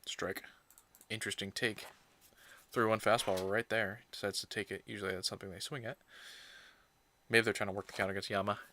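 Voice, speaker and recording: A man's voice: fairly low pitch, brisk, long pauses. A man hosting a livestream, reacting live to a baseball game and muttering to himself as he sorts video clips. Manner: excitable reactions, self-scolding mutters while sorting clips. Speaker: livestream host.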